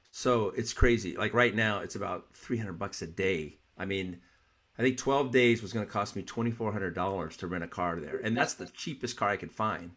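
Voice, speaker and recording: A man's voice: fairly low pitch, normal speed, fairly bright tone. A man co-hosting a martial arts talk show, chatting casually and telling exasperated stories. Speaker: martial arts podcast co-host. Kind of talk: casual chat.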